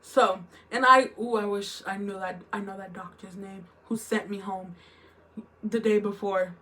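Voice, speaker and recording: A woman's voice: medium pitch, steady tone, unhurried, bright, forceful tone. Young woman rambling through a storytime. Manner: rambling, emotional retelling with lots of "like" and "literally". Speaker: vlogger. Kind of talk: storytime vlog.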